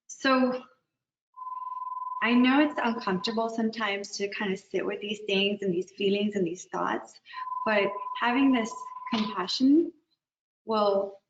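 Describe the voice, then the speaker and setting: Gentle counselor woman on an echoey call. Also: fairly high pitch, a little hiss or hum. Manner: gentle, measured, with filler ums. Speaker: guest counselor. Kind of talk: webinar talk. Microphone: video call. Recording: echoey, distant, dull webinar audio.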